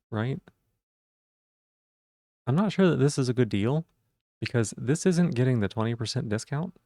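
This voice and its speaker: A man's voice: mid-range voice, vocal fry, mellow, no echo, clean studio sound. A man streaming live, chatting casually and playfully while he repeats silly puns and rambles.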